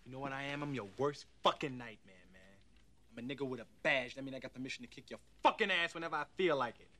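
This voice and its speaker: A man's voice: mid-range voice, fast talker, bright, forceful tone, lightly acted. An actor playing a brash, profane convict bluffing his way as a cop, in a film scene. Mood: taunting. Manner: cocky, profane, taunting. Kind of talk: film acting. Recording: film soundtrack with music.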